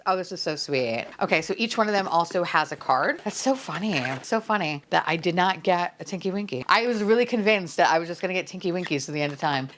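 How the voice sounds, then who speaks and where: A woman's voice: on the low side, lively intonation, fairly quick, few pauses, fairly bright tone. A young woman chatting casually as she unboxes collectible toys, gushing, swearing freely and breaking into delighted squeals. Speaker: unboxing vlogger.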